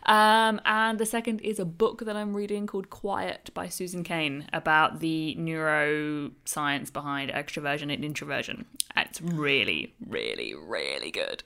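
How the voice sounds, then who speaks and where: A woman's voice: low-pitched, lively intonation, unhurried, creaky, hardly any pauses, pushed and bright. A woman from England, a podcast guest, chatting casually and enthusiastically and laughing often. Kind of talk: casual chat.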